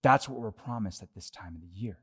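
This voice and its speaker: Speaking fairly quickly in a husky, fairly low voice, a young adult man who is a pastor delivers a conversational sermon. He alternates lively asides with quiet, earnest moments.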